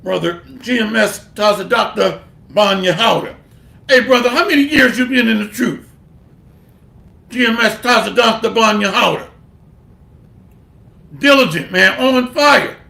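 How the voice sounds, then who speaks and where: A man's voice: sits high, a little slow, creaky, long pauses, sharp tone, roomy sound. A man giving a blunt, street-style sermon, reading scripture aloud and mixing it with slang and profanity. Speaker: bible teacher.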